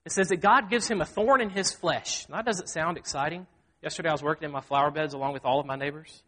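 High-voiced pastor preaching. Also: male voice, fast talker, pushed and bright. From Mississippi. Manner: earnest, self-deprecating, acts out quoted speech. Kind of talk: sermon. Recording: long hall reverb.

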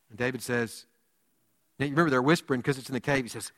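A man preaching a sermon as pastor, telling stories with big swings from loud to hushed. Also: on the high side, expressive, brisk, in a large hall. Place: church sanctuary.

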